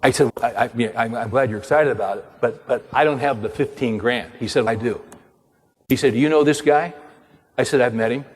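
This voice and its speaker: An older man preaching, telling a personal story in an animated way and acting out the dialogue. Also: medium pitch, fairly quick, husky, big-room sound. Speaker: pastor and author. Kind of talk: sermon storytelling.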